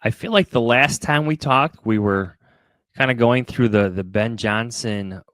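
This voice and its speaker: A man's voice: medium pitch, measured pace, a bit bright, dry recording. A man co-hosting a sports podcast, easygoing and joking. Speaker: podcast co-host. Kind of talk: casual podcast chat.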